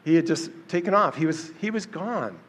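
A man's voice: fairly high pitch, animated, normal speed. A man teaching through a Bible passage in a casual, conversational way, with fillers and restarts. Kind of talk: casual Bible study talk.

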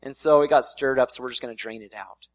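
A male pastor delivers a sermon in a loose, conversational manner, breaking off now and then for playful voiced asides. His voice sits at an ordinary pitch. The sound is dry and close, with little room echo. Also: fast talker.

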